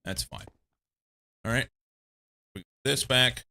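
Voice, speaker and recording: A man from the United States streaming a game, thinking aloud in casual commentary, a little congested and quick to laugh. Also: medium pitch, very animated, vocal fry, bright, forceful tone, a little hiss or hum. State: slightly congested.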